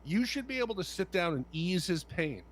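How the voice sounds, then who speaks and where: Animated, fired-up man on a podcast. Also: high voice, a little fast. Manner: passionate, blunt, swears. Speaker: podcast co-host. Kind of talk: casual movie podcast chat.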